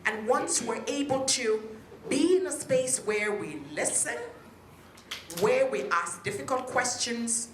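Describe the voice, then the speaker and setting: Woman, lively speech, higher voice, questions to the audience, echoey hotel room. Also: a little hiss or hum. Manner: engaging, asks the audience questions. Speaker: speaker at a peace event.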